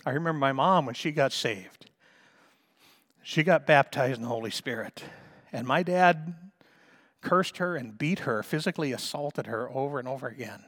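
A middle-aged male pastor preaching with fervor. He draws out key phrases slowly, then builds to loud, emphatic peaks. His voice sits at an ordinary middle pitch for a man. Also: animated. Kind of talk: sermon.

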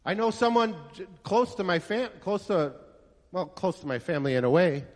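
High-voiced preacher man in an echoey hall. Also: expressive, moderate pace, darkish tone. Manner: storytelling preacher, rhetorical questions, emphatic. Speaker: pastor. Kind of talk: sermon.

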